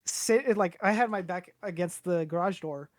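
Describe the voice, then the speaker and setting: In a dry, clean studio recording, a young adult man with a high-sitting voice talks at a moderate pace. He's on a podcast spinning a long, casual, meandering story about his own life, swearing a lot and voicing each person he quotes.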